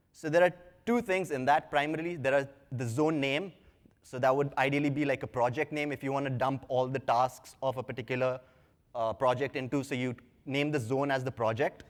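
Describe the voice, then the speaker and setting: A young man giving a live tech conference talk in a casual, chatty way with self-deprecating asides. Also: medium pitch. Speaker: conference speaker. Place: large conference hall. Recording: long hall reverb.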